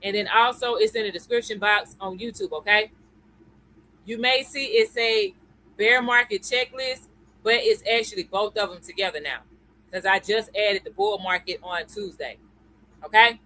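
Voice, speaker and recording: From her home computer, a woman hosts a live-stream lesson in a chatty way, greeting viewers by name and repeatedly checking in with "okay?" and "y'all." Her voice is mid-range and sharp at a moderate pace. The recording is rough, with a little hiss or hum.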